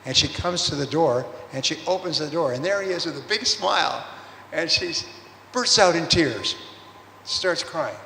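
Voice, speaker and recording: A man with a slightly raised pitch delivers a sales seminar talk, moving through anecdotes and quick snippets of acted-out dialogue. His voice rings through a large hall with a long reverb tail, and faint ambience sits underneath. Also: animated, vocal fry, pushed and bright, slight background noise. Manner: storytelling, acts out dialogue with quoted voices. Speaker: sales speaker.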